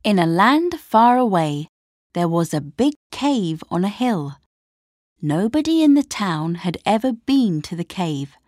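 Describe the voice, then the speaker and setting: A woman narrating a story slowly and clearly for language learners. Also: medium pitch, no echo, studio quality. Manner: clear, expressive, measured.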